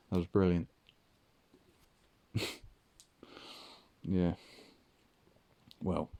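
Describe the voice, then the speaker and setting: Man, mellow and dark-toned, telling slow, rambling stories with frequent ums. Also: low voice, level tone, gravelly. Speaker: vlogger. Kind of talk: late-night rambling storytelling.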